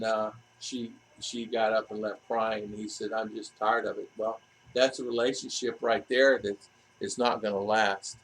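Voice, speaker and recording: A man's voice: lowish voice, poor audio. A man vlogging in a casual, rambling monologue, often restarting his sentences and adding asides. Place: living in the Philippines.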